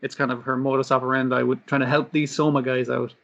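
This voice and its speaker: A man's voice: mid-range voice, flat delivery, quick pace, vocal fry. A man co-hosting an anime podcast, chatting casually, swearing and acting out scenes. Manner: casual, swears, acts out quotes. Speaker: podcast co-host. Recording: dull lo-fi stream audio.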